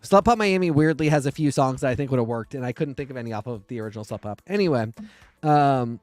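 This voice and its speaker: A man's voice: medium pitch, animated, fast talker, a little mellow, dry recording, soft background music. A man co-hosting a podcast in casual chat, catty and blunt with strong opinions. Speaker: podcast co-host.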